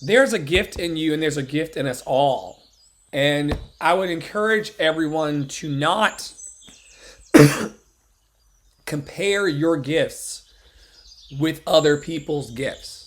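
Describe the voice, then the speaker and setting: A man's voice: on the high side, slow pace, long pauses. A man hosting a show, delivering an impassioned motivational sermon in an emphatic, blunt and profane preacher's manner.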